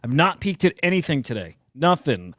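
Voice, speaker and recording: A man co-hosting a casual crypto chat show, excitable and swearing freely. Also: on the high side, moderate pace, no room sound, studio quality. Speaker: co-host.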